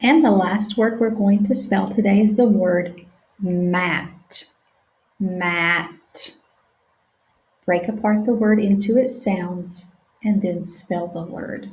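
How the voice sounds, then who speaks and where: A woman teaching a phonics lesson to young children, sounding out words slowly letter by letter. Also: mid-range voice, steady tone, darkish tone. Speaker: reading teacher. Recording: echoey room.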